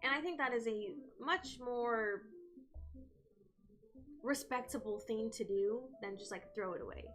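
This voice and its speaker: A young woman streamer chatting casually with her viewers, telling stories in an animated way. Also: a little high, a little slow, long pauses, faint music behind. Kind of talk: casual chat with live viewers.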